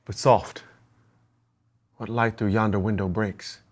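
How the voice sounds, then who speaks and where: A male actor reciting Shakespearean verse as the lovestruck young Romeo, in a measured, lyrical delivery. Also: lowish voice, steady tone.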